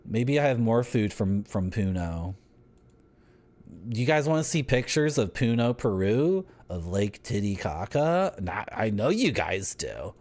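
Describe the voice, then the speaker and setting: A young man chats to his live-stream audience. His voice sits a little low, but he bounces it up and down with lively swings. He teases his viewers and rambles from one joke to the next. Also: unhurried. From Canada. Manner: joking, teasing, rambling banter with chat. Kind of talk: casual live-stream chat.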